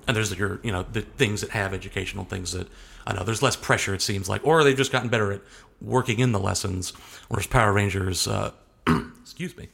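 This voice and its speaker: A man's voice: on the low side, creaky, fairly bright tone. A young adult man talking casually as an interview guest, rambling and hesitant, often restarting his sentences.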